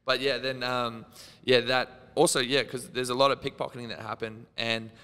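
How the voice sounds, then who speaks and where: Speaking at medium pitch with a level, sharp, clean tone and moderate pace, a twenty-something Australian podcast guest recounts wild stories. The sound has a big-room quality, and he rambles, swears and laughs while acting out quotes.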